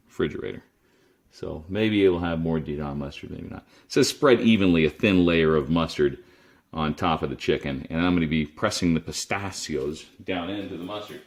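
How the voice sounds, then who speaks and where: A man casually chatting his way through a home cooking demo in his kitchen, rambling and self-deprecating. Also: sits low. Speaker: cooking video host.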